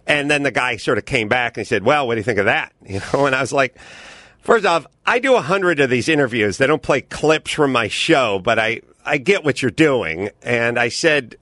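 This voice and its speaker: A man's voice: mid-range voice, animated, normal speed, sharp tone, no echo. A comedian in his fifties hosting a podcast, telling a story in an indignant, sarcastic ranting way with some swearing. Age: 50s. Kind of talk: casual storytelling chat.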